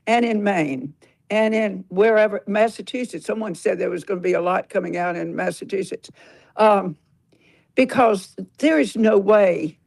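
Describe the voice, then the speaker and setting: A woman calling in to a live political audio chat, rambling and earnest with many pauses. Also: mid-range voice, vocal fry, darkish tone. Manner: rambling, earnest, halting with fillers. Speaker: caller. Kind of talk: call-in comment on a live audio room.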